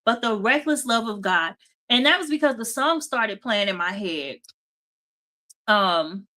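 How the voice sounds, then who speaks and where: Tired, chatty woman with a bright voice. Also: medium pitch. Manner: chatty, repeats "okay?" and "right?". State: tired, yawning. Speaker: host of a devotional talk show. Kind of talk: casual devotional talk.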